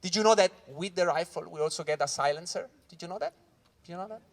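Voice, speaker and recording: A man with a Swiss Italian accent doing stand-up comedy, who swears and acts out voices with loud punchlines. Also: high-pitched, fast talker. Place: corporate event room with live audience. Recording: live crowd audible. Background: audience laughing.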